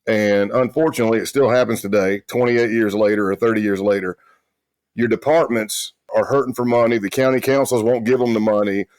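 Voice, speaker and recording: A middle-aged man, a retired federal agent from South Carolina, telling stories in a loud, brash, boisterous way in a casual interview. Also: lowish voice, fairly even intonation, a little fast, no echo. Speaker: guest, retired FBI agent.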